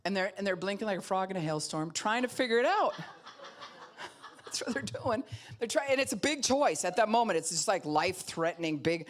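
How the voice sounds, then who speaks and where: A woman pastor preaching a sermon in an animated way, acting out other people's voices and laughing often. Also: mid-range voice, normal speed.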